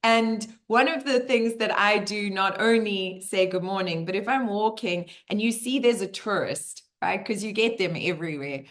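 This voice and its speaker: Animated woman telling stories. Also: mid-range voice, moderate pace, few pauses. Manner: animated storyteller who acts out the voices she quotes. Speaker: teacher hosting a community Q&A. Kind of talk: casual community Q&A talk.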